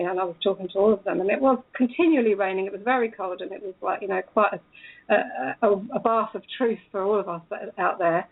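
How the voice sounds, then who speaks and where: A woman's voice: medium pitch, vocal fry, narrow, tinny audio. A woman telling a story in a casual way, acting out the lines of the people in it. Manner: animated, acts out quoted dialogue. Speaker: speaker recounting a police encounter.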